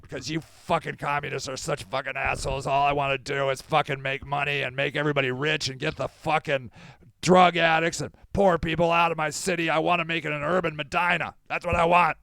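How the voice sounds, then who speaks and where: A man's voice: medium pitch, flat delivery, a little fast, creaky, hardly any pauses, sharp tone, no echo, voice pushed down. A man doing a furious, foul-mouthed ranting rival. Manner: snarling, profane ranting.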